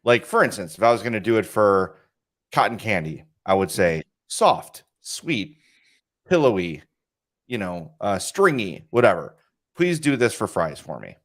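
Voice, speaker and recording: A man's voice: lowish voice, sing-song, unhurried, fairly bright tone. A man co-hosting a podcast in casual chat, a rambling storyteller, recorded in a studio with video cameras. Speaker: podcast co-host.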